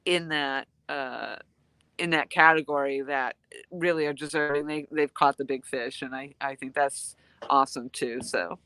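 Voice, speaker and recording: A woman's voice: low voice, bright, forceful tone, clear, resonant tone, dry recording. A woman hosting a casual live stream outdoors while fishing, chatting and thanking viewers by name. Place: outdoors, fishing in freezing cold.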